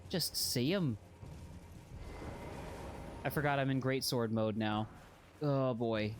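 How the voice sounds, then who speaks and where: A man's voice: medium pitch, slight background noise. A man casually chatting while streaming a video game, rambling and joking at his own expense. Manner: rambling, self-deprecating, jokey. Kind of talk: casual gameplay chat.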